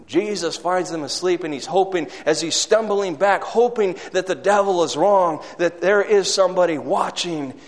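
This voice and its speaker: High-voiced preacher in a reverberant hall. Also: male voice, normal speed, few pauses. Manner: dramatic preaching, voicing quotes, rhetorical questions to the congregation. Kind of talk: sermon.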